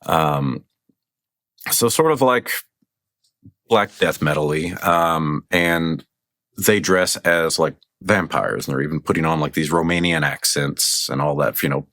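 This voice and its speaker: Deep-voiced man talking in dry, close sound. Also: a little slow, fairly bright tone, no room sound. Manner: rambling, enthusiastic, heavy use of "like". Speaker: podcast guest. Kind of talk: casual conversation.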